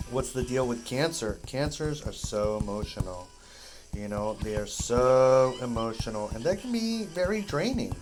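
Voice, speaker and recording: A man's voice: mid-range voice, low-quality recording. A man giving rambling casual commentary to viewers while he plays a game, wandering from topic to topic and breaking off mid-sentence. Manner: meandering, self-interrupting, talks to viewers. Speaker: gaming streamer.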